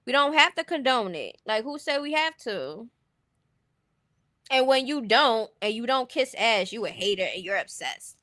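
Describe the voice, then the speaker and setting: A woman's voice: on the high side, lively intonation, normal speed, bright, forceful tone, dry recording, clean studio sound. A woman streaming casual commentary, blunt and opinionated, often laughing as she talks.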